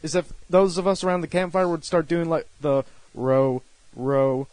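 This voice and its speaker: A man's voice: level tone, quick pace, a little mellow, no room sound. A man in a casual podcast chat, tossing out jokey ideas. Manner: chatty, pitches jokey ideas. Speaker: podcast co-host.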